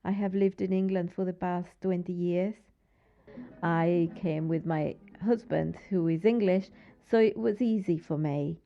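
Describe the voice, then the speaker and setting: A middle-aged woman with a Mexican accent, native speaker of Spanish, giving a measured, earnest personal account. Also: fairly low pitch, fairly even intonation, vocal fry. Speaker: interviewee. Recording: dull lo-fi recording.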